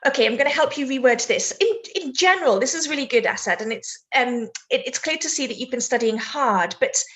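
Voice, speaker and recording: High-voiced British woman teaching live. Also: animated, fairly quick, a bit bright. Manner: chatty, laughs easily, reads chat aloud mid-sentence. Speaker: IELTS teacher. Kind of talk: live online lesson, giving essay feedback.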